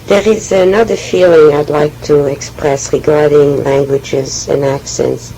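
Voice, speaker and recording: A woman with a French accent, speaking haltingly and often restarting as she tells her personal oral history. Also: deep voice, steady tone, warm tone, a little hiss or hum, rough recording. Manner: hesitant, halting, with frequent restarts. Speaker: memoir speaker.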